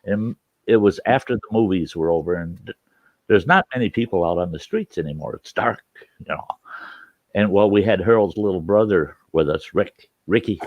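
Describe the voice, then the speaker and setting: A man telling a funny story in casual chat, animated, laughing often and swearing freely. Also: low-pitched, moderate pace, no room sound, dull audio.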